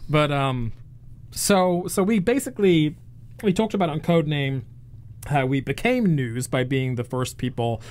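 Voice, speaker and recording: A man's voice: a little high, normal speed, darkish tone. A man co-hosting a casual podcast, rambling with lots of fillers and frequent laughs. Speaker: podcast co-host. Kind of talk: casual chat.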